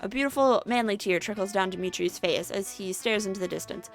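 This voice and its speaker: A woman's voice: medium pitch, a little fast, gravelly, hardly any pauses, faint music behind. A woman narrating a comedic dating-sim playthrough in a playful storytelling manner. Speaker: narrator and player.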